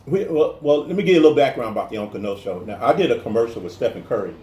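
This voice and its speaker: Guy chatting in an interview, animated storyteller, restarts a lot, roomy echo. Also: mid-range voice, rapid-fire, dull audio. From American South. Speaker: guest talking about his life. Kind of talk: casual interview conversation.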